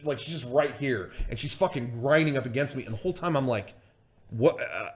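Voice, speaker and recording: A man's voice: medium pitch, fast talker. A man casually telling a story on a livestream, swearing freely and full of fillers and restarts. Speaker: streamer and storyteller.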